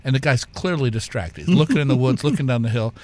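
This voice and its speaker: A man's voice: medium pitch, fast talker. A man, a whiskey company co-founder, telling stories as a guest with fillers and restarts. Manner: animated anecdote-teller with fillers and restarts. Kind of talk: conversational storytelling.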